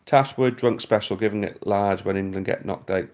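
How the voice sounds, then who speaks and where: A man's voice: on the low side, moderate pace, darkish tone. A Welsh man hosting a casual live stream, answering viewer comments in a chatty, blunt way and restarting his sentences often. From Wales. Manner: rambling, answers viewer comments as he reads them aloud.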